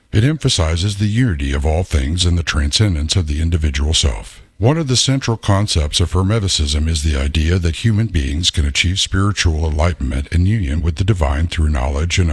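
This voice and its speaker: A man's synthetic voice reading a scripted essay in a steady, measured way. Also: deep voice, breathy edge, dry recording. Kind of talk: scripted narration.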